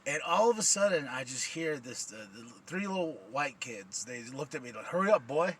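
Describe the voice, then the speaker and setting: A man's voice: mid-range voice, very animated, moderate pace, fairly bright tone, a little hiss or hum. A man hosting a casual podcast chat, swearing freely and laughing often as he tells stories. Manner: profane, laughs often while telling stories. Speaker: podcast host.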